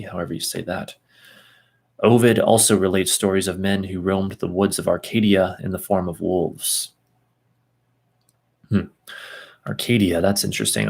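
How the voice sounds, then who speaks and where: Low raspy guy reading stuff out loud, trips on names and comments as he goes. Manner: reads aloud slowly, stopping for asides and second tries at names. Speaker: host reading aloud.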